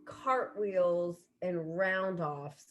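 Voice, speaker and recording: A woman in her thirties talks very slowly in a lowish voice. She's a streaming comedy show host doing a solo livestream from a home room with a bookshelf, chatting casually and laughing at herself.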